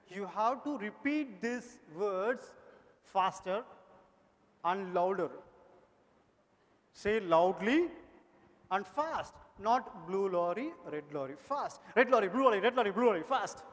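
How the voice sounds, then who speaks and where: A man, an energetic conference presenter coaxing an audience through speaking drills with repeated cues. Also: high-pitched. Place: large conference hall. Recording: long hall reverb.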